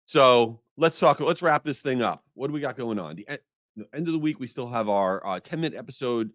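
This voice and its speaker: A man hosting a podcast, telling an exasperated, animated story in a casual rant. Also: mid-range voice, fairly quick, dry recording, studio quality. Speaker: podcast host.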